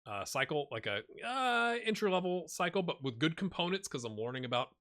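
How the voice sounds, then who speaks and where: Forties male gaming host, bright forceful tone, rambling self-deprecating let's-play chatter. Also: a little high, big pitch swings, brisk. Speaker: gaming YouTuber. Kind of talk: casual let's-play commentary.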